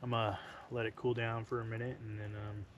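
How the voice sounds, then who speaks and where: Speaking briskly in a lowish voice with little pitch movement, this man films himself alone at a forest campsite, cooking by the fire and talking easily to the camera, now and then murmuring softly. The audio is dull, with outdoor noise behind him.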